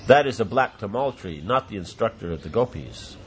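A man reading a devotional play aloud, voicing every part himself, with halting restarts and exclamations that rise in pitch. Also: animated, a little hiss or hum. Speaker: reader of a devotional drama.

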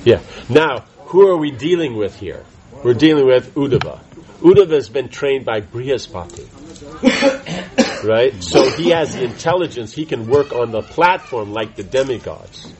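A man's voice: medium pitch, very animated, a crowd in the background, poor audio. A man teaching a conversational scripture class, often restarting his sentences and checking in with "right?". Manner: halting restarts, keeps asking "right?".

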